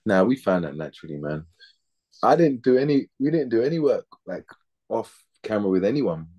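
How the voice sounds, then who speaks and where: A man's voice: fairly low pitch, very animated, a little fast, dark tone, dull audio. A man in his thirties, an actor chatting casually in an interview, laid-back and slangy, often repeating words as he thinks.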